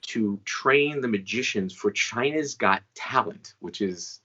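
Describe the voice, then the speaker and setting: Chatty man in his fifties, low voice. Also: slow, pushed and bright, highs cut off. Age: 50s. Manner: chatty, frequent "right?" asides. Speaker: guest magician and inventor. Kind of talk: storytelling interview answers.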